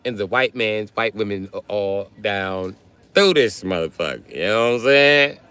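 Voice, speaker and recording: A man's voice: fairly low pitch, animated, moderate pace, pushed and bright, clear, resonant tone. A man chatting casually on a livestream, reading comments and trading crude, joking banter with his viewers. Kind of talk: casual live stream chat. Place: South Carolina.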